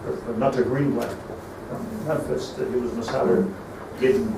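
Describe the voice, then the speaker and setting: A man's voice: medium pitch, fairly even intonation, normal speed, background noise. A middle-aged man, a rabbi, giving a storytelling sermon that mixes Hebrew terms into English and builds to emphatic peaks. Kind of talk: sermon on lamentations. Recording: echoey room, mic at a distance, faint ambience.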